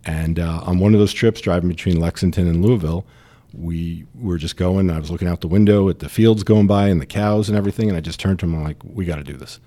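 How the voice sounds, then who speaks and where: A man's voice: low voice, fairly even intonation, fast, warm tone. A man in his fifties with a New York accent, a guest telling his story in a chatty way with many fillers. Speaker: distillery founder, guest. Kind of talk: casual interview chat.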